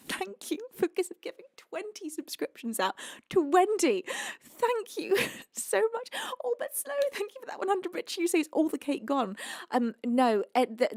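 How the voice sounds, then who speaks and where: A woman's voice: high voice, no room sound, clean studio sound. A British woman hosting a live music stream, emotional and overwhelmed, crying while laughing as she reads out gifts. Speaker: livestream singer host. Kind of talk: casual live-stream chat reading donations.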